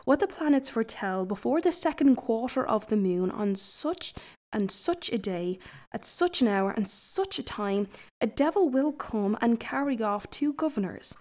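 A formal male court astrologer pronounces what the planets foretell, as a woman reading a folk tale puts him on. He speaks solemnly and sounds fairly high. It is a storybook reading. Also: expressive, moderate pace, darkish tone, close to an everyday voice.

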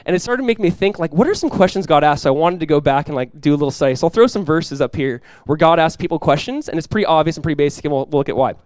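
Pastor, male, fast and animated, conversational sermon, dry close sound. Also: on the high side, no room sound. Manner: animated, conversational preaching with quick acted-out asides.

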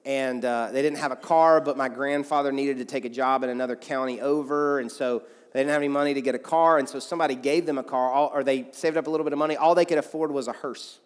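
A man's voice: medium pitch, fairly even intonation, quick pace, few pauses. A man, a pastor telling stories in a sermon in a loose, conversational way with many asides. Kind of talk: sermon storytelling. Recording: long hall reverb.

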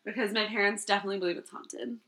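A woman's voice: mid-range voice, steady tone, rapid-fire, fairly bright tone, reverberant. A young adult woman, a teacher and podcast co-host, chatting casually and a little tipsy, giggling and rambling with plenty of fillers. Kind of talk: casual chat.

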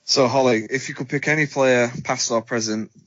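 A man's voice: mid-range voice, fairly even intonation, normal speed, a bit bright, no room sound. A man co-hosting a casual podcast, asking questions in an easygoing way. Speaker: podcast co-host. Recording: dull lo-fi sound.

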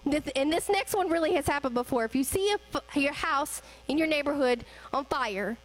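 A woman's voice: sits high, moderate pace, low-quality recording. A young woman giving a conversational sermon, asking the congregation rhetorical questions. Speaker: church speaker.

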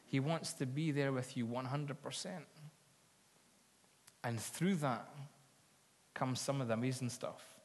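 A man's voice: mid-range voice, a little slow, pauses often, darkish tone. A man preaching a sermon, telling stories earnestly and building to fervent appeals. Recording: long hall reverb.

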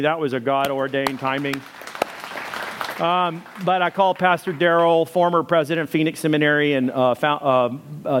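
Chatty joking pastor, man. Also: a little high. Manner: chatty, joking, self-deprecating. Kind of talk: sermon opening with casual storytelling. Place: church service before congregation.

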